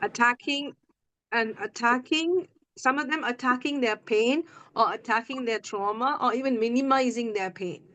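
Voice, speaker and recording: A woman's voice: on the high side, normal speed, pushed and bright, slight background noise, rough recording. A woman hosting a podcast as a coach, talking bluntly and acting out quoted dialogue in candid chat.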